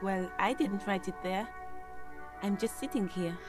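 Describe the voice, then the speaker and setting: An actress voicing a timid young woman gardener in a video game, speaking in a soft, hesitant way. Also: mid-range voice, measured pace, soft background music, lightly acted. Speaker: gardener character.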